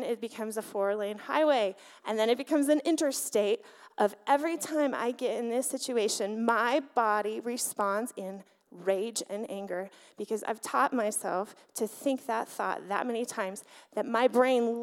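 A woman delivers an animated sermon from the front of a church, her voice sitting somewhat high. She keeps turning to the congregation with questions. The sound carries the long reverb of a church hall. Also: normal speed. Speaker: pastor. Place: church sanctuary.

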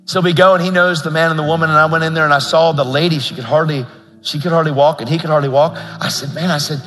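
A man's voice: on the high side, steady tone, brisk, a bit bright, faint music behind. A man preaching a storytelling sermon, fervent and rising to impassioned appeals. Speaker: guest preacher. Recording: long hall reverb.

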